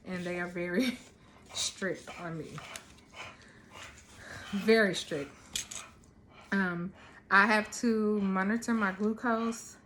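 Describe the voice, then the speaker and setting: A woman in her thirties talking casually to camera at home, relaxed and rambling with lots of ums. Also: medium pitch, a little hiss or hum. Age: 30s. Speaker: vlogger. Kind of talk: casual chat.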